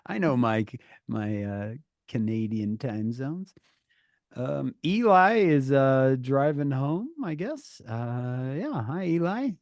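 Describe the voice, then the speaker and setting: A man's voice: medium pitch, lively intonation, slow pace, a little mellow, no room sound, clean studio sound. A man hosting a youth group on a video call, greeting each person in a playful, teasing way. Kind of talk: casual chat on a video call.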